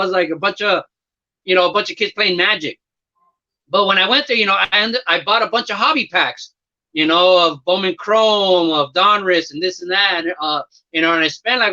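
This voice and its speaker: A man's voice: high voice, pushed and bright, dull audio. A man chatting casually about collecting trading cards, rambling and laid-back with lots of fillers. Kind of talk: casual chat.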